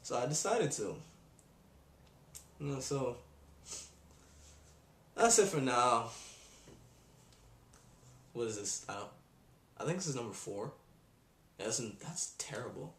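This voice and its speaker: A young man ranting on his video blog in an exasperated, animated way. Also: mid-range voice, takes it slowly, long pauses. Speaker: vlogger. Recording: echoey room.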